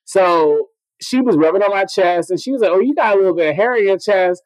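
A man with a noticeably high voice tells a story in a loose podcast chat. He swears freely and jumps into quoted dialogue. The sound is dry and close, with no room echo. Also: brisk. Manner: animated, profane, acts out quoted dialogue. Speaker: guest telling a story.

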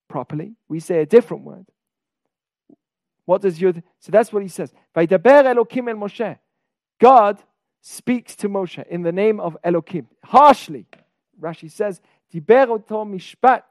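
A man's voice: high-pitched, dark tone, dry recording, clean studio sound. A man teaching a weekly Torah class on a podcast. He often puts questions to his listeners and leans hard on key words.

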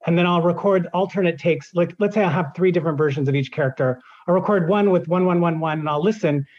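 A man's voice: on the high side, quick pace, lo-fi sound. A man who narrates audiobooks, answering in an interview and explaining his process at length with examples.

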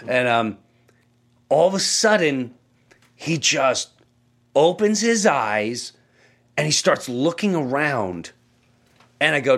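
A man hosting a podcast, telling a story in a casual, animated way and acting out the voices in it. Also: medium pitch, moderate pace, gravelly. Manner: animated, acts out quoted voices. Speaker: podcast host.

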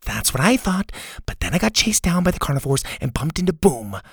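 A man playing a flustered, nerdy young boy at camp, voice raised above his own and rushed. A storybook kid voice, lively in tone, recorded dry and close. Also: a little high, gravelly, breathy edge, dry recording, pitched above the performer's own voice, exaggerated voice. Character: nervous young camp boy, dino nerd.

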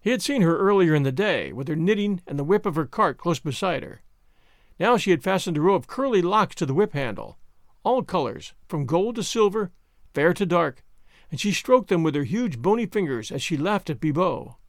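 A man's voice: sits high, expressive, normal speed, no echo, studio quality. A man narrating a classic novel aloud as a podcast host, reading expressively and dramatically. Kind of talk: scripted narration.

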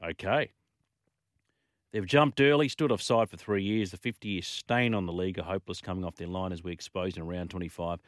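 A man with an Australian accent hosting a sports talkback radio show, chatty and lively as he reads listener messages and gives scores. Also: sits low, a little fast, no echo, clean studio sound. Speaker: radio sports talk host.

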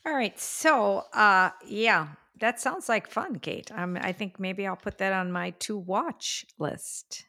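An older woman co-hosting a podcast, chatting casually and telling stories with drawn-out fillers and sighs. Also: medium pitch, pushed and bright. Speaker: podcast co-host. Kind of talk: casual chat.

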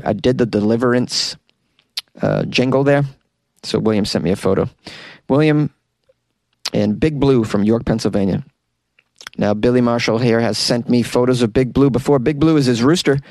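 This dry recording captures a man with a medium-pitched, somewhat dark voice hosting his own podcast from a small closet. It's a casual outro chat where he rambles, trips over his words, mocks himself with laughter, and slips into sung impressions.

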